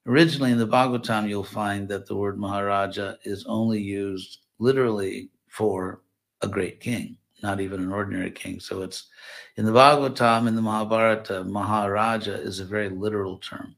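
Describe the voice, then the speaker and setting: A man giving a scripture class, explaining Sanskrit verse word by word in a thoughtful, unhurried way. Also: lowish voice, steady tone, vocal fry, a bit bright. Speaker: scripture teacher.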